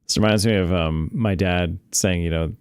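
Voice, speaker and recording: A low-pitched man on a casual podcast, asking long, hesitant questions packed with fillers. His voice comes across dry and close, with no room sound. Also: normal speed, clear, resonant tone, no room sound. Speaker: podcast producer and regular. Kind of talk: casual chat.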